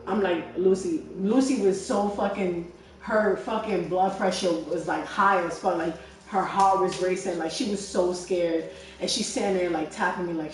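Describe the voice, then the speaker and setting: A young woman tells a story in casual chat, in an animated and profane way, full of fillers. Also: on the low side, normal speed. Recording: echoey room, far from mic.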